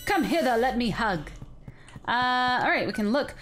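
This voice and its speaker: A woman hosting a let's play, chatting excitedly and often sounding confused as she plays. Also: high-pitched, measured pace, slight background noise. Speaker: gaming video host.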